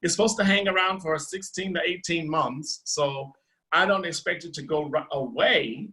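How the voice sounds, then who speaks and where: A man's voice: on the high side, moderate pace, bright, forceful tone. A man, a guest opera singer, giving encouraging feedback to a young student over a video call and repeating his praise.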